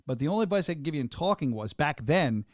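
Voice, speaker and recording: A man hosting a podcast interview from a studio booth, rattling along in an excitable, upbeat way. His voice sits a bit high for a man and sounds close and dry, with almost no room around it. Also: dry recording. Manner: fast, excitable and upbeat, with frequent restarts. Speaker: podcast host interviewing a fighter. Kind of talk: casual interview chat.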